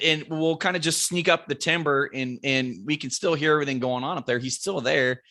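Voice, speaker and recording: A young man, a guest on a podcast, tells a long story with loose, animated energy, jumping into the voices of himself and his buddy and cursing freely. His voice has a bright, sharp edge to it. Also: a little high, brisk, few pauses. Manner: animated storyteller acting out quotes, swears freely.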